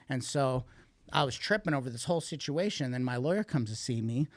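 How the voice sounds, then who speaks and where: A man's voice: mid-range voice, lively intonation, fairly quick, dry recording. A man guest on a podcast, candidly telling a rambling, profanity-laced story about addiction and recovery. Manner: profane, blunt, rambling with restarts.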